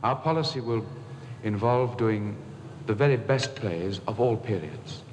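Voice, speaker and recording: A man declares his theatre plans firmly in a lowish voice. Clear noise runs under the old archive recording. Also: unhurried, darkish tone. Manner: firm, declarative. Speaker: theatre director.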